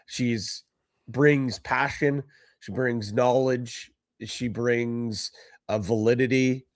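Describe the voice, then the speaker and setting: A mid-pitched man, a lacrosse broadcaster, talks as a guest in a measured, articulate way. His voice is plain and even, recorded dry with no room sound. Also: no echo. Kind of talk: casual sports talk.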